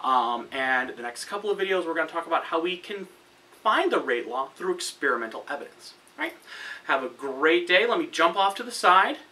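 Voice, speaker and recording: A man's voice: on the high side, sing-song, brisk, bright, forceful tone. A male chemistry teacher giving a chatty lesson at a whiteboard, often correcting himself and checking in with "okay?". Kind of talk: recorded classroom lesson at a whiteboard. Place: classroom with whiteboard. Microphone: camera set up across the room. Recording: distant camera mic, faint room hiss.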